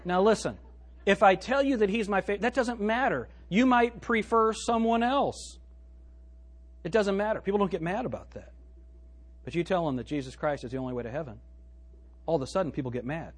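Animated male pastor, slightly high and husky, sermon delivery. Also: fairly quick. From United States. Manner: animated preaching, swinging from loud to hushed; quotes scripture in old-fashioned wording.

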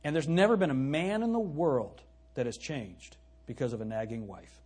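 A man's voice: mid-range voice, expressive, moderate pace, darkish tone, breathy edge. A male pastor preaching an emphatic sermon, asking his congregation questions and reading scripture aloud.

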